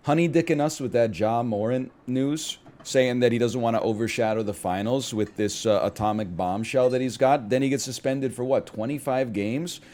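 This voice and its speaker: A man's voice: medium pitch, moderate pace, few pauses, a little mellow. A young man chatting casually while he plays a game, rambling and joking with riffs and mock screams. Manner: jokey, trails off into riffs and bursts into mock screams.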